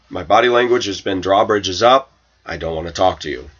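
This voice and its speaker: A man's voice: sits low, moderate pace, a bit bright, dull audio. Indignant man telling a grievance story. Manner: aggrieved, indignant, quotes others in raised voice. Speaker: vlogger. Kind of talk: personal storytelling rant to camera.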